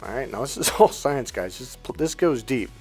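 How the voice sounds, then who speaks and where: A man's voice: mid-range voice, animated, moderate pace, breathy edge, faint music behind. A middle-aged man coaching on dating, telling a story in a blunt, emphatic, profane way. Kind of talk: casual storytelling advice monologue.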